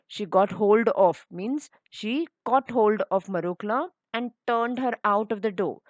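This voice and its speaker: A woman teacher reads out a children's story and explains each hard word in plain, simple terms. Her voice sits at an ordinary middle pitch. It is recorded dry and close, with almost no room sound. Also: no room sound, lo-fi sound.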